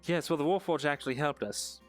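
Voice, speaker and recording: A man's voice: on the high side, a little fast, soft background music, close to an everyday voice. A man voicing a cautious, rule-bound male scribe in a live fantasy roleplay, speaking with lots of hesitant fillers and dry understatement. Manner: hesitant, many ums and uhs, dry understatement. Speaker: roleplay player.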